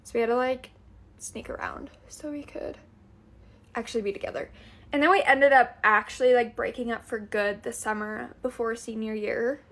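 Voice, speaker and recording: A young woman tells a casual storytime in a chatty, filler-heavy way. Her voice sits somewhat high. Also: steady tone, normal speed, fairly bright tone.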